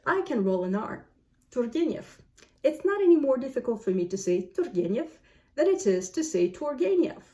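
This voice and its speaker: A woman's voice: a little high, big pitch swings, brisk, mellow. A woman whose first language is French, talking to camera as a book vlogger, musing aloud and asking herself questions. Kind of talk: casual talk to camera.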